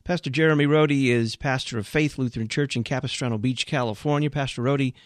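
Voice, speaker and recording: A man hosting a radio talk show, thanking his guest and briskly reading promotions and announcements. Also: medium pitch, fairly even intonation, no room sound, clean studio sound.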